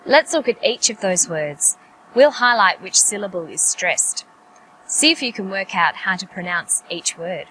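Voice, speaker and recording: A woman narrating an English pronunciation lesson in a clear, careful, explanatory way. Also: mid-range voice, expressive, normal speed, sharp tone, a little hiss or hum, poor audio. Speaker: English teacher.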